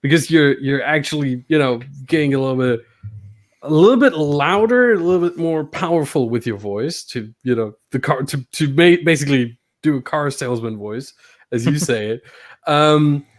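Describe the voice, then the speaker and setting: A man's voice: on the high side, animated, normal speed. A man hosting a casual podcast, talking about commentary in a playful, teasing way and laughing often. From not British. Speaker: podcast host and sim racing commentator.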